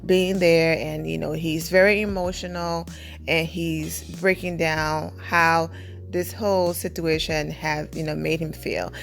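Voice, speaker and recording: Woman, celebrity news vlogger, chatty, lowish voice, faint music behind. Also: level tone, a little slow, creaky. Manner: chatty, heavy use of "you know". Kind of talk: casual celebrity news commentary.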